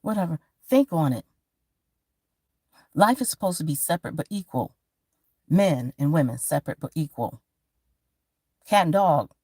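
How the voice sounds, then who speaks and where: A woman from Georgia, talking in a rambling, profane, animated monologue as a vlogger. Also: deep voice, no echo, clean studio sound. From Georgia, USA. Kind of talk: casual monologue to camera.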